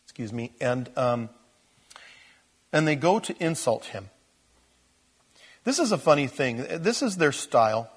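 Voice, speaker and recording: A man, a pastor, preaching an expository sermon, swinging from loud emphasis to quiet asides. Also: medium pitch, very animated, a little slow, long pauses, husky.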